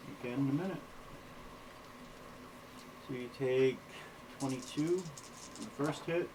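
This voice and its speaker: A man running a tabletop game as game master, laid-back and quick to laugh and swear. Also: mid-range voice, noisy background.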